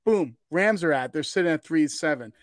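A man in casual sports chat, pushing his argument hard and tripping over restarts. His voice sits a bit high. The sound is dry and close. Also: brisk, dry recording. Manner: excitable, argumentative, stammering restarts. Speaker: podcast co-host.

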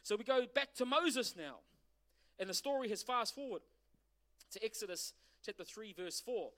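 At a normal speed and in a high voice, a middle-aged man preaches as pastor, questioning his congregation in an animated way with rhetorical questions.

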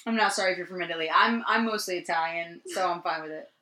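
A woman from New Jersey rambles through a story as a podcast co-host, swearing freely and peppering it with ums. Her voice is bright and clear, and the room gives it a noticeable echo. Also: on the low side, quick pace. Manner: rambling and profane, many ums, laughs easily. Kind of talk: casual storytelling chat. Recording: roomy echo.

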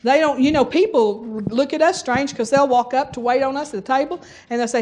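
A woman's voice: high-pitched, brisk, darkish tone. A middle-aged woman preaching a folksy sermon, exhorting the congregation and breaking into bursts of forced laughter.

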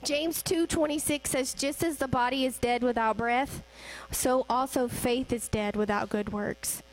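A woman's voice: high-pitched, fairly even intonation, measured pace, rough recording. A young woman giving a conversational sermon, asking the congregation rhetorical questions. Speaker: church speaker.

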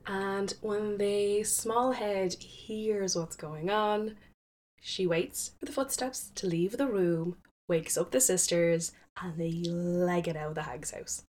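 A woman casually retelling a folktale, chatty, with fillers and quick self-corrections. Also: medium pitch, fairly even intonation, a little mellow. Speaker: storyteller.

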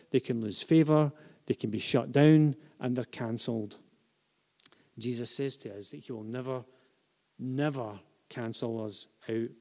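A man preaching a sermon to a congregation, swinging from hushed, intimate phrases to loud, repeated emphasis. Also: mid-range voice. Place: church hall with a live and online congregation. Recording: long reverb of a large hall.

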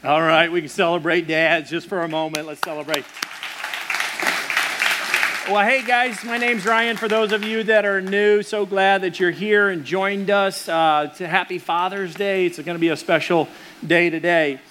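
Male pastor, high voice, casual storytelling sermon, lots of fillers. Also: fairly even intonation, moderate pace, sharp tone, some chatter behind, a little hiss or hum.

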